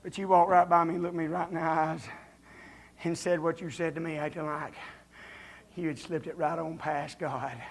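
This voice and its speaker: A man preaches at a church revival with a high, husky voice. He talks in a folksy, confrontational way, calling out his listeners and climbing into shouts. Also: flat delivery, moderate pace. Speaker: visiting preacher. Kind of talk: revival sermon. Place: church during a revival service.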